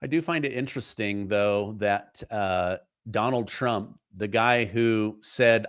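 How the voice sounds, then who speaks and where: A man hosting a political talk show, asking questions in an animated way and acting out the voices he quotes. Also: lowish voice, takes it slowly, few pauses, smooth, dry recording, studio quality. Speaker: host.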